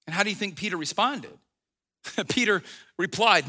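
Pastor preaching a sermon in a chatty storytelling way. Man with a high, piercing voice. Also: normal speed, long pauses, bright, forceful tone, big-room sound. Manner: conversational storytelling, acts out quotes, frequent restarts.

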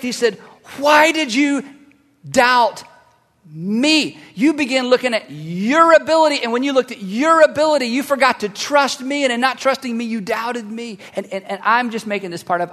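A male pastor preaching a sermon, acting out the Bible dialogue and swinging from hushed asides to loud, animated bursts. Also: very high voice, in a large hall.

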